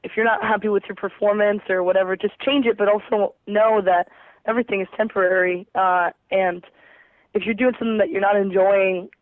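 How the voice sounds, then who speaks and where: A woman soccer player from New Jersey being interviewed by phone, answering casually with lots of hesitant filler pauses. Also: mid-range voice, no room sound. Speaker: pro soccer player, guest. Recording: tinny dry phone line.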